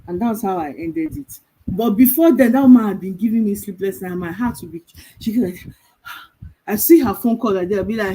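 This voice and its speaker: A middle-aged woman, giving a calm motivational talk as a virtual assistant coach, telling stories and asking rhetorical questions. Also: a little high, normal speed, breathy edge, poor audio.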